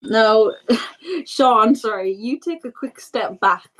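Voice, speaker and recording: A woman's voice: on the high side, takes it slowly, fairly bright tone, poor audio. Laughing woman running a tabletop game. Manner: chatty, laughs often while narrating. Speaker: game master.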